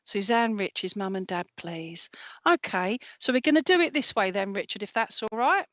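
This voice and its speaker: Woman, live medium, reassuring and gentle, mid-pitched, dry lo-fi stream audio. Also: expressive, moderate pace, no room sound. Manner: gentle and reassuring, with frequent checking "okay?" tags. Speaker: psychic medium.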